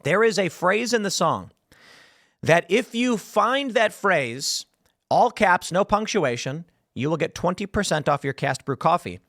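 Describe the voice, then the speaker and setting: A man hosts a political commentary show in a high, very lively voice that swings up and down. He riffs with sarcastic asides. The sound is close and dry. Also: measured pace, no echo. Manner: animated, sarcastic, riffing asides. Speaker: host.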